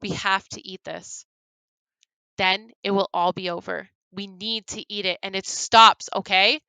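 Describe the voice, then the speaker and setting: A woman reading the lines of a desperate young man who speaks urgently, shouting and then soothing. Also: medium pitch, fairly even intonation, a little slow, creaky, clean tone, dry recording, rough recording. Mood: frantic.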